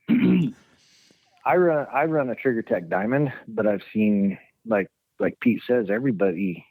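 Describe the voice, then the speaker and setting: A guest with a low, gravelly voice gives plain, practical advice in a matter-of-fact way. The recording is dry and close-miked. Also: male voice, animated, slow, no echo, narrow, tinny audio. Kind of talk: casual podcast interview.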